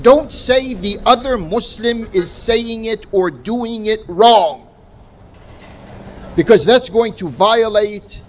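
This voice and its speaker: A man's voice: high-pitched, dull audio. A man giving a religious lecture, emphatic and full of rhetorical questions. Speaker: Islamic lecturer.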